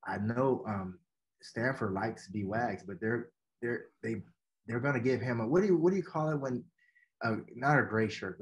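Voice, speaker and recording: A man guest on a podcast, telling stories in a casual way, acting out quotes and often saying "man". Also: medium pitch. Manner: animated storytelling, acts out quotes, says "man" often. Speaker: guest, educator and former football coach. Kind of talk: casual storytelling in a podcast interview.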